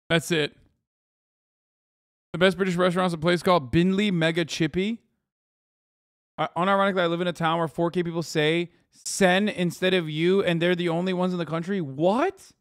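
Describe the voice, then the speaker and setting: A man streaming, reacting to videos in casual, profane, animated chat. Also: sits high, no room sound, studio quality.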